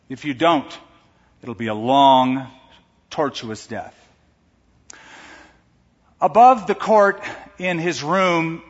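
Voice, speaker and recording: An American preacher delivers an earnest sermon in a fairly high voice. His voice carries a long reverb through what sounds like a church sanctuary, and the recording sounds dull and muffled. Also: a bit bright. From United States. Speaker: pastor.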